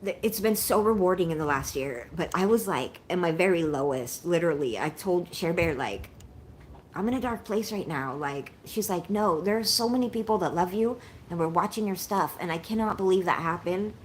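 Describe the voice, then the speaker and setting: A woman's voice: fairly low pitch, animated, normal speed, a little hiss or hum. A woman in her forties chatting casually with viewers on a livestream, shaky and unwell, talking in an emotional, rambling way and thanking them often. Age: 40s.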